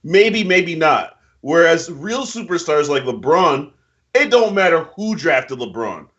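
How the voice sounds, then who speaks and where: With big swings in pitch and a measured pace, a man co-hosts a casual NBA picks chat, voicing emphatic, slangy takes. His tone is fairly bright, and the recording is muffled and low-quality.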